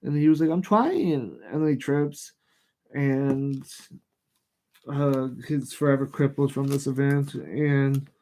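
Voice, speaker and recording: A man of middle pitch reads scripture aloud at a live show. He stumbles over names, restarts phrases and breaks in with frank, irritated asides before going back to the text. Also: completely flat delivery, mellow. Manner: reads passages aloud haltingly, stops to comment. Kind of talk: casual Bible reading and commentary.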